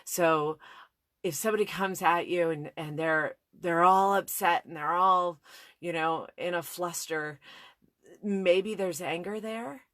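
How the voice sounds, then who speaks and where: A woman's voice: fairly low pitch, takes it slowly, fairly bright tone, dry recording, studio quality. A woman in her thirties giving a reflective personal talk on listening, candid and thoughtful, often restarting her sentences. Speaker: speaker on listening skills.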